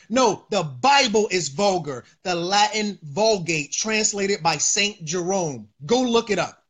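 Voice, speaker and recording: High-pitched male streamer; loose, preachy riffing with filler words and repeats. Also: expressive, unhurried, fairly bright tone. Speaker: livestream host. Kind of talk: casual livestream monologue.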